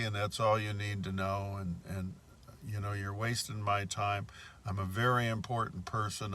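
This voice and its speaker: A man's voice: fairly low pitch, bright, forceful tone. A man quoting an arrogant, hostile male bank manager in a haughty, dismissive tone.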